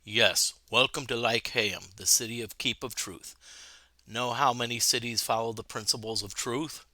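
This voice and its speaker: A man doing a deep, hushed stately wizard. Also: no echo. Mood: solemn. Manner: slow archaic speech, deep and hushed. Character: stately old male wizard, solemn and formal.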